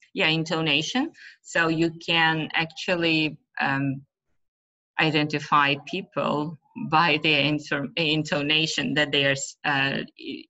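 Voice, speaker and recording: A woman gives an online webinar on teaching. She talks slowly in a low, bright voice and often stops to search for a word. The call audio is muffled and lo-fi. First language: Uzbek. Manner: hesitant, many fillers, loses her thread. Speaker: webinar presenter, teacher trainer.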